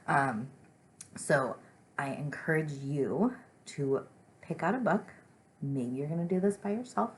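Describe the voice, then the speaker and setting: A young woman gives a remote lesson to small children, speaking gently and patiently. Her low voice has a gravelly touch of vocal fry, and she reads her examples with big, playful expression. A faint hiss sits beneath the recording.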